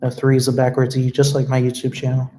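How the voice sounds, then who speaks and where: A man's voice: medium pitch, monotone, fast talker, noisy background. A young man chatting casually on his live stream, earnest and emotional, rambling a little as he answers viewers' comments. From United States. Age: young adult. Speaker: vlogger hosting a live stream.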